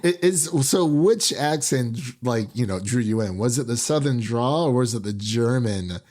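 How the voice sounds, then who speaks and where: A man's voice: medium pitch, animated, normal speed, darkish tone. A young man hosting a film review podcast, chatting casually into his microphone, rambling with many fillers and restarts. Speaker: podcast host.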